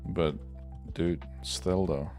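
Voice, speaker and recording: A man with a deep, low voice rambles through casual, opinionated livestream chatter, swearing freely as he goes. Faint music plays underneath. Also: fairly even intonation, extremely slow, warm tone. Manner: rambling, profane, loose and opinionated. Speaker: livestream host. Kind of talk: casual livestream chat while working.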